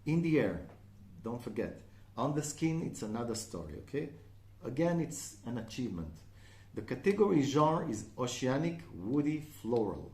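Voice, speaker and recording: A man's voice: mid-range voice, sing-song, moderate pace, darkish tone, echoey room. A man with a French accent, a native French speaker, chatting casually in a perfume review and often checking in with "okay?". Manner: chatty, frequent "okay?" and "uh" fillers.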